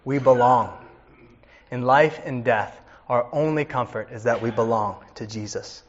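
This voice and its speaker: A man's voice: mid-range voice, normal speed, lo-fi sound, a little hiss or hum. A man in his thirties, a pastor preaching a sermon with earnest storytelling.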